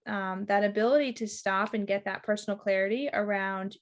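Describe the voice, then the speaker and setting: A woman's voice: medium pitch, brisk. A middle-aged woman, a relationship mentor, speaking thoughtfully as a podcast guest and acting out little quoted lines. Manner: thoughtful, reflective, restarts and acts out quotes. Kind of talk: casual interview chat.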